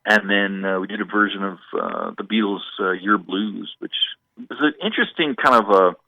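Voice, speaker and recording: A man's voice: lowish voice, normal speed, vocal fry, no echo, phone-quality sound. A man, a musician guest, telling stories in a rambling stream-of-consciousness way during a radio interview.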